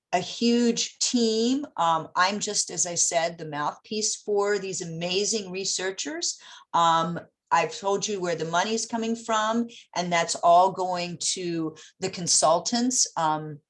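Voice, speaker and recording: A woman giving a virtual presentation, speaking with frequent ums and pauses. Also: fairly low pitch. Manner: halting, many fillers. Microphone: video call.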